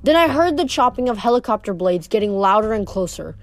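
A woman reading a novel aloud in steady first-person storytelling, with occasional stumbles and rereads. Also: medium pitch, a little fast, dry recording. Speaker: reader.

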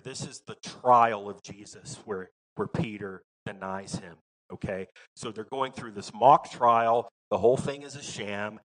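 A man's voice: lowish voice, low-quality recording. Folksy Southern preacher man. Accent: Southern American. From American South. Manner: folksy, emphatic preaching with rising bursts and quiet asides. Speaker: pastor. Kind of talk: sermon.

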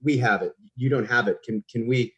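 A man's voice: medium pitch, a bit bright, slightly rough, dull audio. A man putting on the voice of a pushy male film crew member who insists on an exclusive. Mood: insistent. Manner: insistent, hurried.

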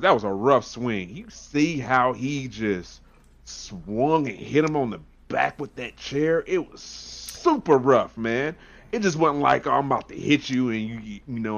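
A man, chatting excitably and casually about a wrestling show. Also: medium pitch, dull audio. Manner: excitable, animated retelling with profanity and laughter.

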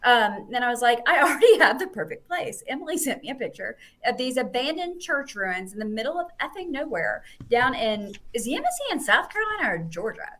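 A woman on a podcast, chatting casually and telling a story in animated bursts, quoting people in lively voices. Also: fairly high pitch, brisk, few pauses. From United States. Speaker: podcast guest.

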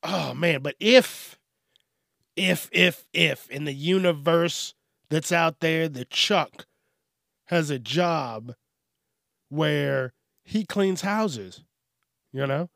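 A man's voice: on the high side, extremely slow, vocal fry, long pauses, a bit bright, no echo, studio quality. A man casually riffing on news stories, laughing often, swearing, and rambling. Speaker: news commentary host. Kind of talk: casual comedic news commentary.

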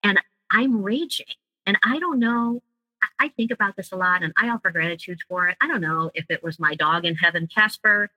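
Bright, dry-voiced woman telling her story. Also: mid-range voice, brisk, no echo, low-quality recording. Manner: earnest, vivid storytelling. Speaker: guest. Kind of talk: personal story in interview.

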